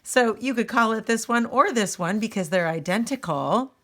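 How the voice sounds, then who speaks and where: A woman's voice: a little high, lively intonation, normal speed, fairly bright tone. A woman music teacher giving a recorded lesson, patiently explaining step by step and speaking straight to her students.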